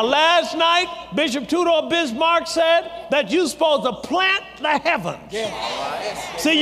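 A man preaching a sermon, shouting and drawing out his emphatic phrases. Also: very high-pitched, background noise. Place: large church hall. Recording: long reverb from a live congregation.

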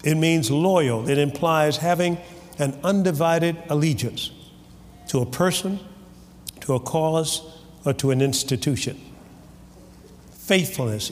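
Male preacher, slightly high voice, lively pitch swings, church sermon, long hall reverb. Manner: animated, calls for amen from the congregation. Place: church sanctuary. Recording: hall reverb with faint ambience.

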